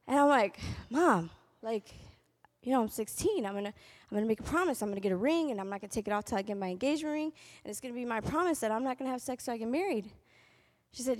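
Animated young woman telling her story. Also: high-pitched, fast talker. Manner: animated storytelling, acting out quotes in shifting voices. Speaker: convocation speaker. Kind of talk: testimony talk to an audience.

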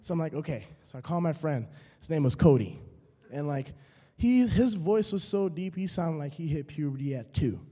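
A young man, a student, telling a true comic story on stage into a handheld mic, animated and repeating phrases for laughs. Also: a little high, moderate pace, husky. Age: young adult. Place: auditorium stage. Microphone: handheld microphone. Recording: long hall reverb.

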